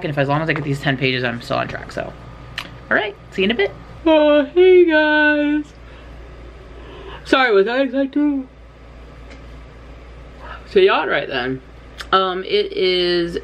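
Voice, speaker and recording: A woman's voice: low-pitched, gravelly, a bit bright, a little hiss or hum. A young woman chatting casually to camera in her bedroom, rambling and poking fun at herself. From California. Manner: rambling, chatty, self-deprecating. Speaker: writing vlogger. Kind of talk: casual vlog chat. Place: bedroom at home, in doors.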